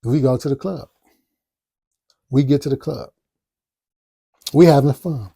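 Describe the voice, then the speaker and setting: Male podcast host, dark and mellow, animated storyteller who does his own sound effects. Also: mid-range voice, measured pace, creaky, pauses often, husky, no echo, studio quality. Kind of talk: casual storytelling.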